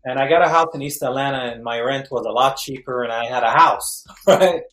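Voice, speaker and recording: Middle-aged man telling a story in a roomy space. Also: brisk. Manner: lively, acts out quotes with jumps in pitch. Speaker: guest actor. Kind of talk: animated storytelling. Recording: roomy echo.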